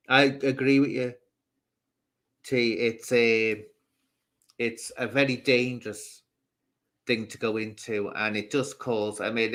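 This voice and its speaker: A man's voice: on the low side, fairly bright tone. Rambling man with a Scouse-Irish accent. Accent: Scouse mixed with Southern Irish. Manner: rambling, reads out and answers chat comments. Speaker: live-stream host. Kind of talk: casual live-stream chat.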